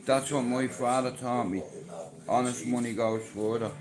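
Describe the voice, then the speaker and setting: A man's voice: mid-range voice, fairly even intonation, normal speed, crowd noise. A middle-aged Irish man hosting a podcast, telling rambling anecdotes in a blunt, foul-mouthed way. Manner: blunt, swears constantly, tells rambling anecdotes. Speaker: podcast host. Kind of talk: casual storytelling chat. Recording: echoey room with background noise.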